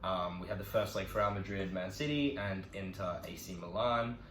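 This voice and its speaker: A young man co-hosting a casual podcast, talking football in a measured way and hedging his opinions. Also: low voice, a bit bright, recorded from a distance. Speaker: podcast co-host. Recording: echoey room, off-mic, faint noise.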